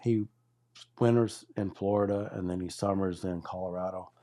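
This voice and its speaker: Low, mellow-voiced man in his sixties. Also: steady tone, normal speed. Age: 60s. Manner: rambling storyteller who acts out quoted dialogue. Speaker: guest sharing his testimony. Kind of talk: casual spoken testimony.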